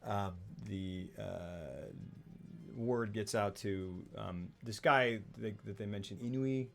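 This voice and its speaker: Male co-host, low and bright, casual rambling recap with acted quotes, faint music bed. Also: takes it slowly, creaky. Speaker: podcast co-host. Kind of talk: casual film discussion. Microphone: streaming mic.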